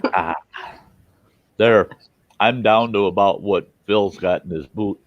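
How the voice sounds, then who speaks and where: A man's voice: fairly low pitch, takes it slowly, dry recording, muffled recording. A man hosting a casual livestream, chatting and joking while he eats, talking with his mouth full. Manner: jokey and chatty, lively. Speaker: show host.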